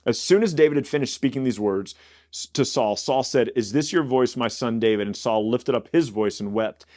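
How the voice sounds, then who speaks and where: A man's voice: mid-range voice, moderate pace, darkish tone. A man hosting a Bible study podcast. He reads scripture aloud and explains it in a conversational way, often restarting and repeating words.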